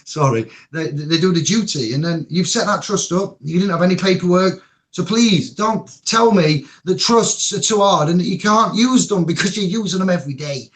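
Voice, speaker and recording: In an impassioned panel chat, a man whose voice sits high talks at a moderate pace. He's emotional and rambling, with the occasional swear word.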